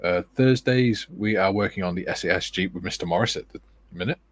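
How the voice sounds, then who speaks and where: Relaxed British man, lowish dry voice. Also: fairly quick, no echo. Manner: relaxed, chatty, with joking asides. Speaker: livestream host. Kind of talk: casual livestream chat, reading viewer comments aloud.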